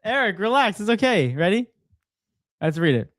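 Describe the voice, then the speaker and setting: A man's voice: sits high, sing-song, moderate pace, a bit bright, no echo. A young man co-hosting a sports podcast, upbeat and laughing often as he reads out scores and predictions. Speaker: podcast co-host.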